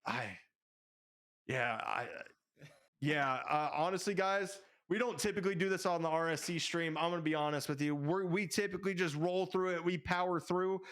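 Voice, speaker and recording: Brief: young male esports caster, high and bright, rapid hype calls, voice going hoarse. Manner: rapid, excitable calls that climb into shouts. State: voice half gone, out of breath. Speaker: play-by-play caster. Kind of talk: esports commentary.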